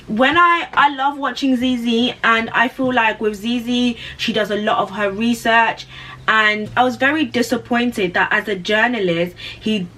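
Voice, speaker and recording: A woman vlogger giving her opinion in an animated way, with lots of "like" and rhetorical questions. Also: medium pitch, distant mic, rough recording. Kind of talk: opinion commentary.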